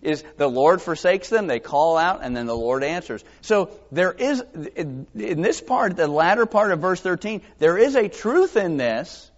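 A man's voice: sits high, sing-song, normal speed, few pauses. A man preaching a sermon in a conversational, self-deprecating way, acting out the quotes he reads. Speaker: pastor. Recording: dull lo-fi sound.

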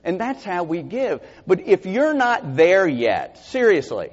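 A man, a pastor, preaching a sermon with animated delivery and sudden high-pitched bursts of emphasis. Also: a little slow, hardly any pauses, big-room sound, highs cut off. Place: church sanctuary.

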